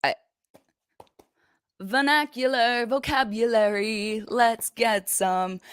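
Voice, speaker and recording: A young woman hosting a casual recap show, retelling scenes in a gossipy, animated way. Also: on the high side, takes it slowly, clear, resonant tone, no room sound, studio quality. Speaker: recap podcast host. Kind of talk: casual chat. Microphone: desk microphone.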